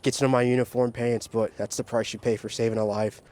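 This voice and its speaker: A man, a police officer, recounting a shooting scene in an interview, quick and matter-of-fact. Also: medium pitch, little pitch movement, a little mellow, no room sound. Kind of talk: interview recollection.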